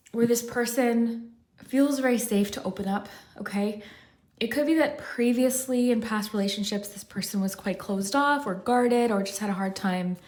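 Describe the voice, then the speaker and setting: A woman's voice: on the high side, darkish tone. Breathless, chatty tarot-reading woman. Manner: chatty, rambling, many "like" fillers. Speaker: tarot reader. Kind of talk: casual pick-a-card tarot reading.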